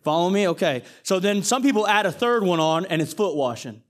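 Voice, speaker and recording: Lively, joking preacher with a high voice. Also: male voice, a little fast. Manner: joking, animated, talks straight to the congregation. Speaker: pastor. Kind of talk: conversational sermon with scripture reading.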